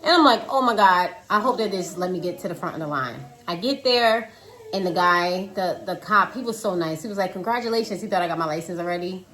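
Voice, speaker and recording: A woman in her thirties telling a casual storytime about her day, dramatic and animated, talking to viewers as "y'all" while cooking at home. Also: fairly low pitch, fast talker. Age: 30s. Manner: animated, dramatic retelling with quoted voices. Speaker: vlogger. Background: child singing in the background.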